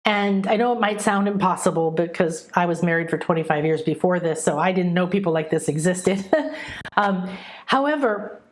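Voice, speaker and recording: A woman's voice: lowish voice, moderate pace. A middle-aged woman, a spiritual teacher, giving an earnest, emotive teaching monologue that mixes lessons with personal stories. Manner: earnest, emotive, checks in with listeners.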